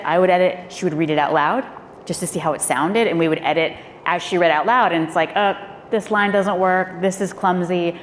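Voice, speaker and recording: A woman, a former speechwriter, telling candid stories on a live panel with animated delivery. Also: lowish voice. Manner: animated, acts out quoted voices. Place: event hall. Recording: echoey hall with faint noise.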